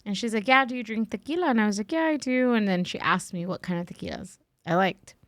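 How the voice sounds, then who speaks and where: Woman podcast guest, chatty storyteller, dry close sound, quotes people with lively voices. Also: mid-range voice, quick pace, no echo. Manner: says "like" and "right?" a lot. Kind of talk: casual chat.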